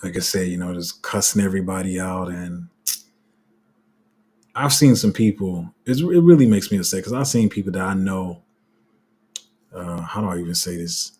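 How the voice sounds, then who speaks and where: Husky-voiced man ranting on a livestream. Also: low voice, normal speed, pauses often, darkish tone. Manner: passionate, heated ranting with many restarts. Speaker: crypto channel host. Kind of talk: casual livestream commentary.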